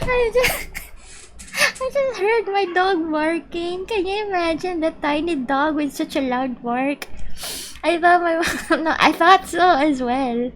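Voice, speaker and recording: A Filipino VTuber streamer chats casually during a game stream, giggling playfully as she reads chat aloud in a Filipino accent. Her high voice moves a little slowly, with a slight hiss or hum and faint music in the background.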